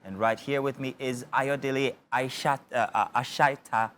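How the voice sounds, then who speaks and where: A Nigerian man hosting a TV book review interview, jovial and quick to joke. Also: mid-range voice, fairly even intonation, a bit bright, slight background noise. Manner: jovial, joking. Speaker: TV morning show host. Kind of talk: studio interview.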